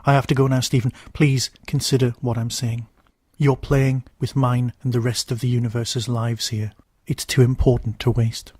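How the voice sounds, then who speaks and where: A man's voice: mid-range voice, level tone, moderate pace, darkish tone, breathy edge, no echo, lightly acted. A man doing a pleading alien time traveller. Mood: urgent. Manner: earnest, pleading.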